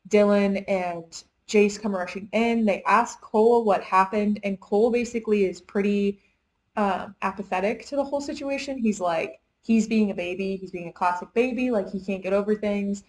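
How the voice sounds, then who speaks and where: Young woman gushing thru a book plot, chatty, says like a lot, normal pitch. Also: moderate pace, darkish tone, rough recording. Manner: chatty retelling, heavy use of "like". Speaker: book reviewer. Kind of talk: casual chat.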